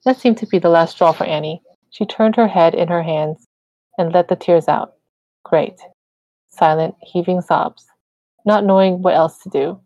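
Woman, lowish voice, reading a story aloud, relaxed with slips, dull dry lo-fi home recording. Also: gravelly, dry recording. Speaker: reader of fan fiction.

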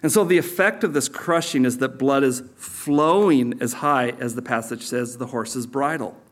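Lively joking man preaching a sermon. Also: normal speed. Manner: animated, jokey, pitch jumps up for emphasis. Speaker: pastor. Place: church.

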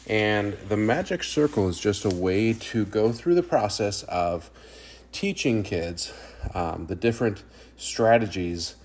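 A man's voice: on the low side, animated, unhurried, a little mellow. A man who teaches third grade, talking casually about classroom methods in a loose, rambling way with plenty of fillers.

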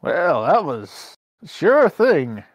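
A player voices a character in a tabletop game with wry, unhurried delivery. The speech is slow and the pitch swings widely, recorded dry and close. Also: sing-song, dry recording, muffled recording.

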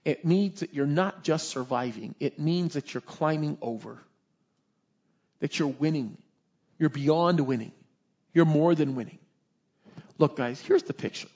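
A man preaching a sermon, telling Bible stories in an animated way and acting out the characters. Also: on the high side, unhurried, long pauses, lo-fi sound. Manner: animated storytelling, voices characters in the tale.

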